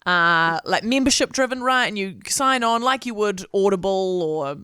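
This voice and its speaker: A woman's voice: medium pitch, animated, normal speed, sharp tone, clear, resonant tone, no echo, clean studio sound. A woman with a New Zealand accent co-hosting a radio show, talking in a chatty, candid and giggly way. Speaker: radio co-host. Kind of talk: casual radio chat.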